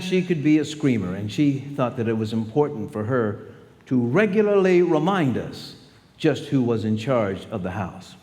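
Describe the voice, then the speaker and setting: A guest speaker in his sixties tells stories to students in a large school hall, voicing the people in them. His medium-pitched voice is a little mellow, with a long hall reverb on the recording.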